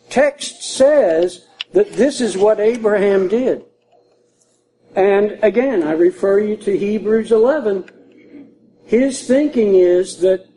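A man's voice: high-pitched, dark tone, slight background noise, low-quality recording. An older man preaching a conversational sermon to a congregation in a church, repeating key phrases for emphasis. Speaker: pastor.

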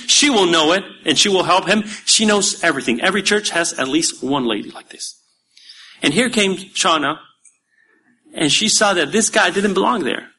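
A man, a pastor preaching a sermon in a church, emphatic at times and dropping to quiet asides. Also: fairly high pitch, slightly rough.

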